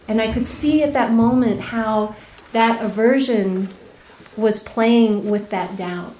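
A woman meditation teacher giving a dharma talk, telling a personal story candidly, laughing often and dropping to soft, near-whispered asides. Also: medium pitch, roomy sound. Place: retreat center meditation hall.

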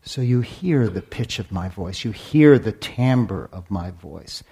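Slow, husky-voiced man giving a dharma talk. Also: lowish voice, lively intonation, dark tone. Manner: asks the listeners many rhetorical questions; deliberate, with long pauses, sometimes dropping to a whisper. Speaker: meditation teacher.

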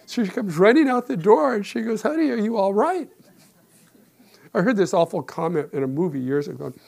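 A man in his sixties, a meditation teacher and therapist, giving a calm, reflective dharma talk with gentle humor. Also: high-pitched, quick pace, gravelly.

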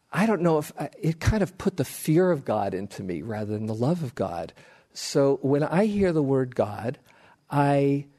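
A middle-aged meditation teacher gives a dharma talk in a medium-pitched voice. He tells stories slowly and gently, with soft laughs.

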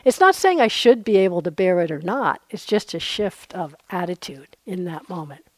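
A woman's voice: on the low side, big pitch swings, moderate pace, a little mellow, no echo. A woman meditation teacher giving a dharma talk on retreat, conversational and earnest, with frequent asides.

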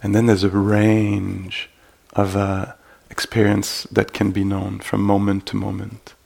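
Gentle asides and frequent fillers mark the halting speech of a male meditation teacher. He delivers a dharma talk in a low, even-toned, gravelly voice. The talk takes place in a meditation retreat hall.

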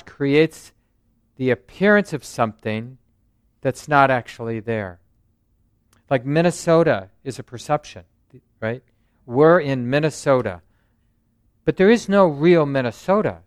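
A male meditation teacher gives a talk at a meditation center in an easy, conversational way, often checking in with his listeners. His voice is smooth and resonant, at a middle pitch. The recording is dry and close. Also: no echo. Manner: conversational, frequent "right?" and "you know". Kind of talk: dharma talk.

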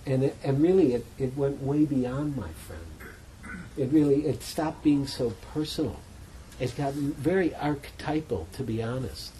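A man gives a dharma talk to a retreat audience in a meditation center hall. He tells stories in a loose, chatty way and pokes fun at himself. His voice sits at an ordinary middle pitch, with a faint hiss of noise behind it. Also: a little slow. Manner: relaxed, chatty storytelling with self-mocking humor. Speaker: meditation teacher.

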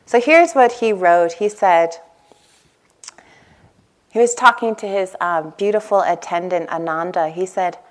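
A woman's voice: fairly low pitch, unhurried, long pauses. A woman meditation teacher giving a dharma talk to a retreat audience. She tells stories in a casual, chatty way, full of "like" and "you know", and acts out her own past thoughts with laughter. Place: meditation hall before a live audience.

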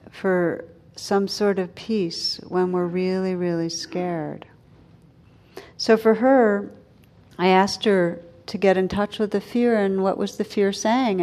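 A middle-aged woman, a meditation teacher, giving a gentle, unhurried dharma talk and softening her voice on tender words. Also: fairly low pitch.

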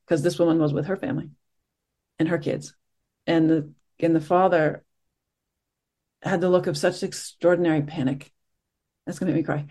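A middle-aged woman meditation teacher, giving a reflective dharma talk with frequent pauses and restarts. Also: low voice, steady tone. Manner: soft-spoken, reflective, with frequent fillers and restarts.

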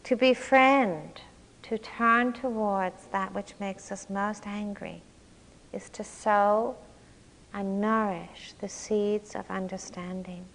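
A woman meditation teacher giving a slow, reflective dharma talk with long pauses. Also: mid-range voice, steady tone, a bit bright, in a large hall. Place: large meditation hall.

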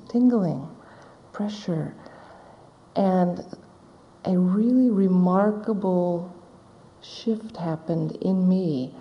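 Meditation teacher, woman, middle-aged; slow, soft-spoken storyteller, recorded in a reverberant hall. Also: lowish voice. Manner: slow, gentle, reflective storytelling. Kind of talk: dharma talk. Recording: dull audio in a large hall with long reverb.

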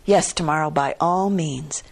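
Brief: self-assured wealthy male merchant, scoffing and lecturing, lowish husky tone, played by a woman storyteller. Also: measured pace, full character voice. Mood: scoffing, confident. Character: wealthy smug male merchant, dismissive and sure of himself.

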